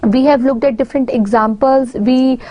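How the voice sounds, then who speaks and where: A woman with a Pakistani English accent giving a university lecture, explaining slowly and repeating the example words. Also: high-pitched, steady tone, mellow, muffled recording.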